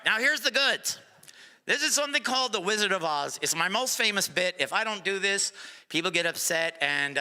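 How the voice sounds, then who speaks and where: A man's voice: a little high, pushed and bright, clean tone. A man doing a stand-up comedy set on a club stage, joking loosely and bantering with the crowd. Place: comedy club stage before a live audience.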